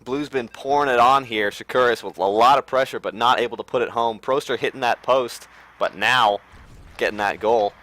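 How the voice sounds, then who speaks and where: A man's voice: mid-range voice, moderate pace, pushed and bright. A man giving esports color commentary, chatty and conversational, tripping over his words and poking fun at himself. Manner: conversational, stumbles over words, self-mocking.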